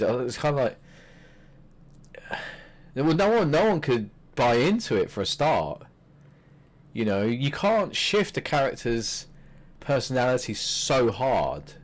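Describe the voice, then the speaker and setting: A man co-hosting a podcast, chatting casually about wrestling, animated and swearing freely. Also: medium pitch. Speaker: podcast co-host.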